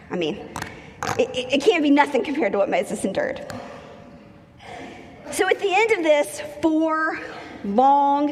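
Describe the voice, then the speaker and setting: A woman preaching a sermon, telling the story in a lively, humorous way and acting out the people in it. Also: fairly high pitch. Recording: long hall reverb.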